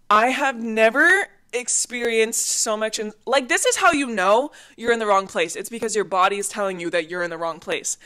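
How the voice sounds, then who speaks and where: A woman in her twenties, hosting a podcast and telling her stories in a chatty, animated way, often laughing. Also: medium pitch, clean tone. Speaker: podcast host. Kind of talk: casual storytelling.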